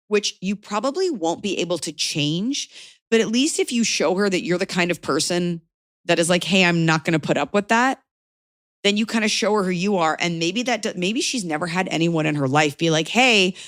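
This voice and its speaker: Blunt, animated woman podcast host. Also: fairly low pitch, no room sound, studio quality. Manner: animated, blunt, acts out quoted voices. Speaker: podcast host giving advice. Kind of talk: casual advice chat.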